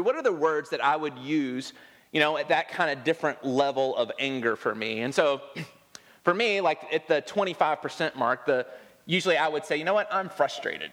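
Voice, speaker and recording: Male pastor, slightly higher voice, easy conversational sermon, long church reverb. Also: normal speed, a bit bright. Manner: conversational, self-deprecating humor, acts out quotes. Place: church sanctuary.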